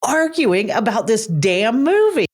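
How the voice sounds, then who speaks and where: Older female co-host, lively pitch, blunt, teasing banter. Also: measured pace, breathy edge. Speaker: podcast co-host. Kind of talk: casual podcast chat.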